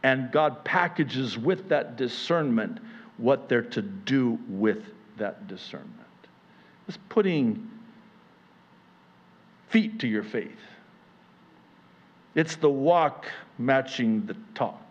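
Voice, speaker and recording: A man preaching a sermon in an animated way, acting out voices and joking about himself. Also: medium pitch, slow pace, long pauses, highs cut off. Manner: animated, acts out voices, self-deprecating jokes. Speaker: pastor.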